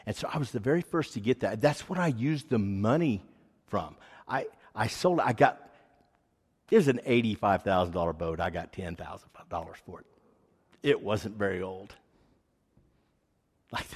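This man's voice sits fairly low and carries a breathy edge, ringing with hall reverb. His sermon is a heartfelt testimony that wanders as he tells it, and he leans on fillers constantly.

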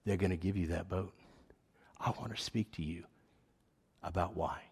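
A man voicing God as a gentle, kind presence, speaking softly. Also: deep voice, fairly even intonation, normal speed, slightly rough, voice pushed down, exaggerated voice. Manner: soft, near-whispered. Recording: echoey hall reverb.

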